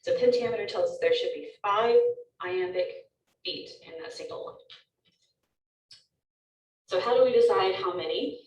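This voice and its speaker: A woman's voice: mid-range voice, moderate pace, pauses often, darkish tone, roomy sound, far from the mic, dull audio. A woman teacher giving a recorded lecture, explaining step by step with frequent ums.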